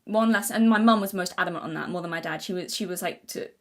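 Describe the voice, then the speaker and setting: A woman's voice: fairly low pitch, fast. A young woman vlogging in casual unscripted talk, earnest and rambling, with many restarts and self-corrections. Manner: earnest, thinking aloud.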